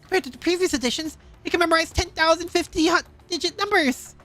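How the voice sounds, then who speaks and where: A woman's voice: extremely high pitch, fast talker, fairly bright tone, soft background music, pitched above the performer's own voice. A woman voicing a shy, stammering engineer girl who is obsessed with machines, reading a game scene. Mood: eager. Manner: stammering, nervous.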